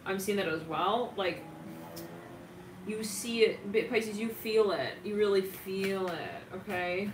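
A woman reads tarot in a loose, animated way, laughing and tossing in the odd curse word. Her voice sits at a middling pitch and sounds set back from the mic. The room rings around her, with a faint hum of ambience underneath. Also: slow pace. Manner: animated, swears, laughs often, dramatic asides. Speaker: tarot reader. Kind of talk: casual tarot reading monologue. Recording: roomy, distant from mic, faint ambient noise.

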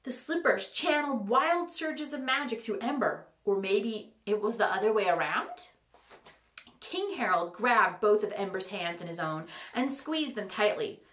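A woman narrating a fantasy story in an animated, wry manner. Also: mid-range voice, a little slow, echoey room.

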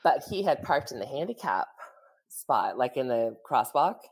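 Woman podcast co-host, very deep voice, chatty storyteller, laughs often. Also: sing-song, moderate pace, a little mellow, husky. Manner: chatty, full of "like" and "you know", laughs often. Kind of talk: casual storytelling chat.

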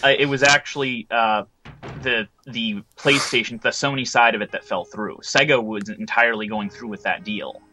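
A man on a casual podcast panel, explaining and correcting details in a measured way. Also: fairly low pitch, fairly even intonation, pushed and bright, slight background noise.

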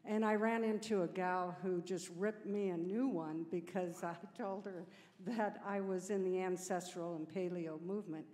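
A woman in the audience at a conference asking a long, halting question. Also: fairly low pitch, steady tone, darkish tone. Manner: rambling, halting, laughing self-consciously. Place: conference hall. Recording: reverberant hall.

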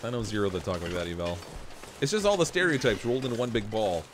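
A man's voice: fairly low pitch, sing-song, fast, noisy background. A man from Southern Ontario with a light Canadian accent, chatting casually with his live chat as he plays. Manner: chatty, laughs often, jokes with chat. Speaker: gaming streamer.

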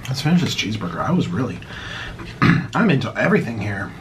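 American man, eating vlog chat, lively swooping voice, theatrical mock outrage, faint background hum. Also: mid-range voice, quick pace. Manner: animated, dramatic mock outrage. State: out of breath. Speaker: YouTuber eating on camera. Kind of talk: casual mukbang vlog chat.

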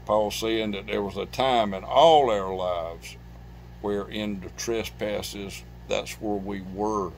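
Middle-aged pastor, low-pitched, preaching with loud swells and hushed drops, faint hum under it. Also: male voice. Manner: preaching with loud bursts of emphasis and sudden drops to quiet. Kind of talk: sermon. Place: church sanctuary.

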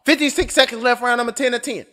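A man giving joking, animated blow-by-blow boxing commentary at home in front of a webcam, swearing freely and shouting at the knockdowns. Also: very high voice, fast talker.

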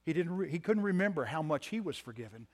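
Pastor, male, higher-pitched, emphatic sermon delivery, loud-to-soft swings, repeats phrases. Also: expressive, quick pace. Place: church sanctuary.

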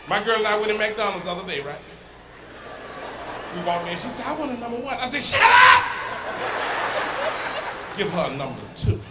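A man doing stand-up with a high, animated voice that leaps up into shouts as he teases people in the crowd. The recording is roomy and live, with a loud audience and steady ambient noise all around. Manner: loud, teasing, shouts punchlines and talks to the crowd. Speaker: stand-up comedian. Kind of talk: stand-up routine with crowd work. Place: comedy stage before a live audience. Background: loud audience laughter.

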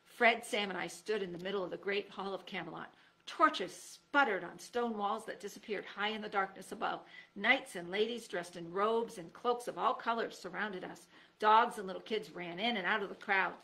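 A woman teacher reading a children's chapter book aloud, telling the story expressively. Her voice is bright and carries a gravelly fry. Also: mid-range voice, moderate pace, poor audio.

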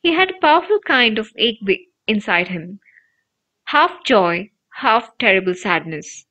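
A woman narrating an audiobook with expressive, emotive storytelling. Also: medium pitch, measured pace. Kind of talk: audiobook reading. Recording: dull lo-fi recording.

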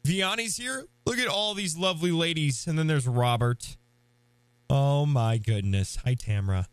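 A young man streams a game live, his high, bright voice bouncing all over as he shouts hellos to viewers. The sound is close and dry. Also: no echo. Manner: hyped, playful, shouts greetings to chat.

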